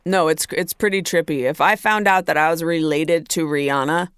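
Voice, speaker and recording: A woman's voice: deep voice, steady tone, moderate pace, clean tone, dry recording, clean studio sound. A woman hosting a comedic podcast, joking, self-mocking and swearing freely. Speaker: podcast host.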